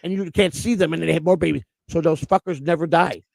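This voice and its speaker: A man's voice: a little high, fast talker, vocal fry, a little mellow, no room sound. A man co-hosting a casual live stream, talking bluntly and profanely in long rants. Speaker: co-host.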